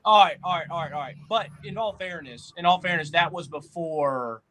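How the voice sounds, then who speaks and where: A man from Tennessee hosts a casual sports podcast. His voice is bright and a bit high, and he jumps from story to story with an excitable, rambling energy. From Tennessee, USA. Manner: excitable storyteller, quick asides. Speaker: podcast host.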